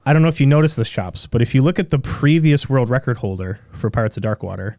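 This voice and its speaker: A man with a Midwestern American accent, a podcast guest telling a long story in a rambling, animated way with many restarts. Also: medium pitch, fast, no room sound, studio quality. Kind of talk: casual storytelling.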